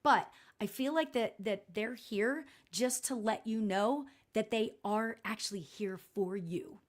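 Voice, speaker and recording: A woman hosting a live psychic reading stream, speaking gently and reassuringly with many pauses and fillers. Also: mid-range voice. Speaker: spiritual medium host.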